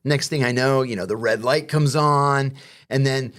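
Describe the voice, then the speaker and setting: A man's voice: medium pitch, moderate pace, a bit bright. A middle-aged man telling prison stories in casual conversation, acting out the quoted exchanges with profanity.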